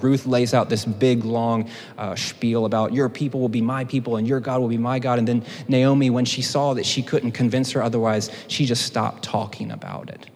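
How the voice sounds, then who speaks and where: A man's voice: mid-range voice, darkish tone, husky. A man teaching a sermon in a conversational way, with joking asides to the congregation. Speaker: teaching pastor. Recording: hall reverb.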